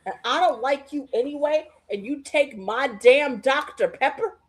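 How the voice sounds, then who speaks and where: A woman co-hosting a podcast watch party, loud, excitable and profane, yelling at the screen. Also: high voice, unhurried. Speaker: podcast co-host. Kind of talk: casual watch-party chat.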